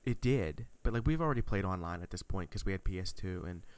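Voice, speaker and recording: Smooth low-voiced man, casual storytelling. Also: lively intonation, quick pace, no room sound. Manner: enthusiastic, rambling with restarts. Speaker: podcast host.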